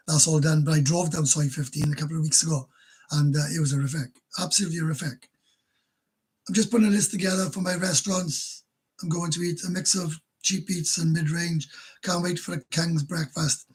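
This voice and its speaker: A Welsh man chats casually through viewer comments on his live stream. His voice sits a little high and sounds husky, and he rambles bluntly, often laughing at himself. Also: flat delivery, fairly quick, rough recording. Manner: blunt, rambling, self-mocking.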